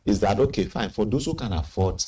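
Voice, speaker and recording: Deep-voiced man hosting a panel. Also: animated, a little fast, mellow. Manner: emphatic, with sudden upward pitch jumps. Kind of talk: studio panel discussion. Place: TV studio. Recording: slightly distant mic with faint noise.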